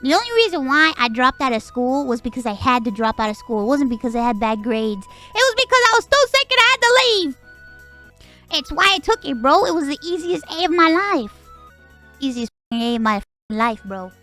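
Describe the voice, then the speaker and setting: High-voiced Puerto Rican woman streamer. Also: expressive, fairly quick, a bit bright, faint music behind. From Puerto Rico. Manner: rambling, swears often, laughs a lot. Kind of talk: casual chat.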